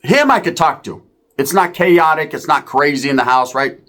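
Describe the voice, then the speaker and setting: A comedian spins a crude family story, rambling and swearing. His voice is fairly high and moves up and down a lot. He ends his punchlines with a quick "right?". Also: expressive, a bit bright. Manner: profane, rambling, punchlines with tag questions.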